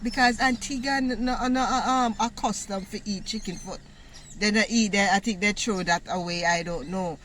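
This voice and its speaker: Woman, Jamaican accent, casual storytelling, patois words, bright voice, mid-range pitch. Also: moderate pace, slight background noise. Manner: animated, laughs often, uses Jamaican patois words. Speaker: vlogger telling a personal story. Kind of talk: casual story time monologue.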